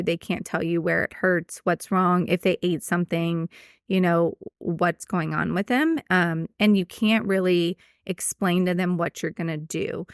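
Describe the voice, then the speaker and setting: A woman's voice: fairly low pitch, no echo, studio quality. Chatty woman vet hosting a podcast. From United States. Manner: chatty, explanatory, laughs easily. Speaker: veterinarian podcast host. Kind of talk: casual chat.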